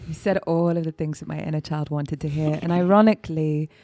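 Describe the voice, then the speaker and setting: Low-voiced woman on a podcast, soft and heartfelt, dry sound. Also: fairly even intonation, a little fast, no echo. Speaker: podcast co-host. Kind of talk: casual podcast chat.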